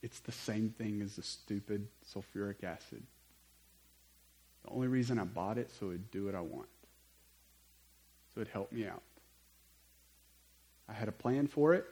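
A man preaching a sermon, telling stories in an animated way with conversational asides. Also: lowish voice, moderate pace, long pauses, rough recording. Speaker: pastor.

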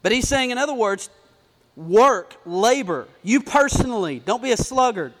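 Guy preaching in church, real high voice, repeats stuff and gets loud, big echoey hall. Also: brisk. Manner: animated, repetitive, builds to emphatic bursts. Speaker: pastor. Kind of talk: sermon. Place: church sanctuary. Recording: long hall reverb.

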